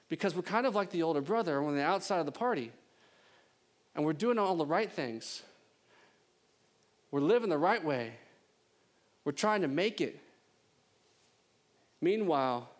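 A man preaching a sermon with a high, bright voice, animated and emphatic. He swings up in pitch to stress points and drops into playful joking asides. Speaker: pastor.

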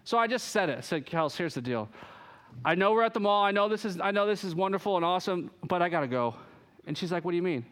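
High-voiced man preaching an animated sermon. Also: quick pace. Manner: animated storytelling, acts out quoted voices. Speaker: pastor.

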